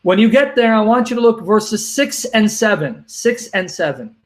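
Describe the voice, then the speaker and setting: A man debating religion, reading verses aloud slowly and repeating references with emphasis. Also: sits high, expressive. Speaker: Christian apologist.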